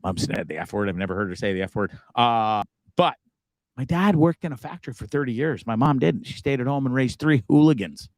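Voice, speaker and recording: A man's voice: medium pitch, lively intonation, a little fast, no room sound. A man hosting a live show, talking casually with a profane, rambling manner. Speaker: host.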